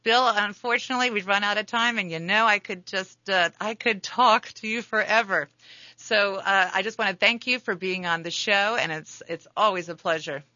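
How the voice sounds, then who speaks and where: A woman's voice: medium pitch, normal speed, sharp tone, no room sound, dull audio. A woman hosting a radio talk show, friendly and chatty, sometimes restarting her words.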